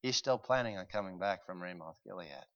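A male preacher reading scripture aloud and explaining it, swinging from quiet explanation to loud, urgent pleading. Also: sits low, brisk, dry recording, lo-fi sound. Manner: reads old-fashioned scripture aloud with emphasis. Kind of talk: sermon reading and expounding scripture.

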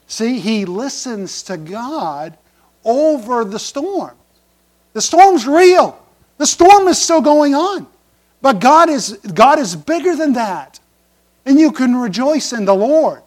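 Male pastor, high voice, chatty sermon delivery, questions to the pews, loud emphatic lines and quiet asides. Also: expressive, slow pace. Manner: conversational, asks the congregation questions, paraphrases scripture.

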